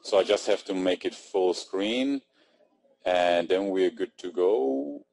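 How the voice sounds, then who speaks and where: A man's voice: sits low, slow, gravelly, a little mellow, low-quality recording. A man with a German accent hosting an online marketing webinar, chatty and upbeat, reading out attendees' names from the chat. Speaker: webinar host. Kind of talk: casual webinar talk. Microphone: computer mic on webinar.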